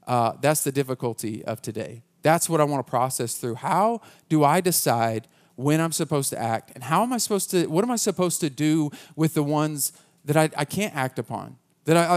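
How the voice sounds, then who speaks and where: A man preaching a conversational sermon as pastor, earnest and casual, often restarting his sentences. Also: a little high.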